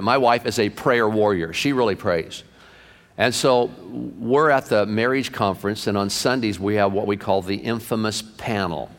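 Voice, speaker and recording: A middle-aged man, a pastor, telling stories in a folksy, chatty sermon style, often dropping "man" into his lines. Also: fairly low pitch. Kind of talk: storytelling sermon. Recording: long hall reverb.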